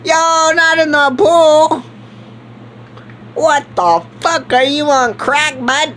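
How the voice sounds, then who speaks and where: A man's voice: very high voice, slow, a little hiss or hum. Rowdy, cursing man in game role-play. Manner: rowdy, swearing, excitable outbursts. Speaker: gamer playing a character.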